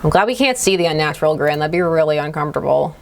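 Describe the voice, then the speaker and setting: A woman's voice: low-pitched, fast talker, vocal fry, a little hiss or hum. A woman playing through a game, reading its text aloud and joking about it. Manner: expressive, jokey reactions. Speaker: game playthrough host.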